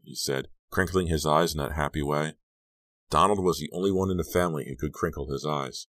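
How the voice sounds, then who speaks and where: A man with a strikingly deep voice reads a novel aloud in steady, measured narration. The recording is dry and close, with no room sound at all. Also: no echo. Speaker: audiobook narrator. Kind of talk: scripted narration.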